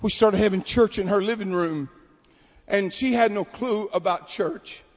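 A man preaching a sermon at a camp meeting, telling stories and building to shouted exhortation. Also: high voice, measured pace. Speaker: pastor. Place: large hall at a camp meeting. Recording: long hall reverb.

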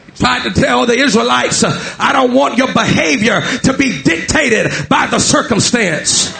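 A man preaching in a very high, gravelly voice that turns bright and forceful as he shouts. He delivers the sermon in a rising, chanting cadence, with an "uh" before each phrase. A faint room hum sits behind him. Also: animated, a little slow. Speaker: pastor.

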